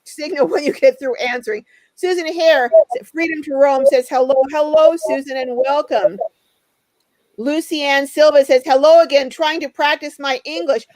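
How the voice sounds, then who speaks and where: High-voiced lady hosting a live stream, reads out comments and says hi to everyone, dry close sound. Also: moderate pace, a little mellow, no echo, low-quality recording. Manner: chatty, greets viewers by name. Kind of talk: live stream chat, reading viewer comments.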